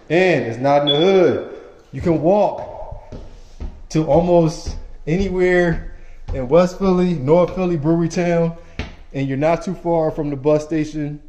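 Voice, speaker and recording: A property manager leads a casual walkthrough tour of an empty house, moving from room to room and speaking enthusiastically to his viewers in casual slang. His voice is a little high and a little mellow, the empty indoor rooms echo, and there's slight background noise.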